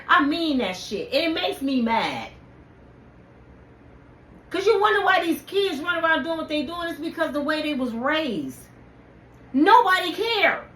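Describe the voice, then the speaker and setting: Speaking straight to her viewers, this woman who runs the channel gets heated and preachy in a passionate, personal rant. Her high voice is lively, and faint ambient noise and echo fill the room.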